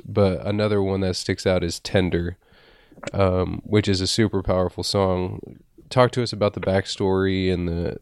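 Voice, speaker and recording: A man with a very low, smooth, resonant voice hosts a casual interview. The sound is dry and close, with no room around it. He talks in a friendly, affirming way. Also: darkish tone, no echo. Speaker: podcast host.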